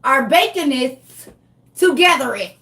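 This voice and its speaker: A woman's voice: high-pitched, lively intonation, a little slow, gravelly, a bit bright, heavily acted. A woman voicing a brash, flirting man from Bible times who delivers crude, swaggering pickup lines. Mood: flirty.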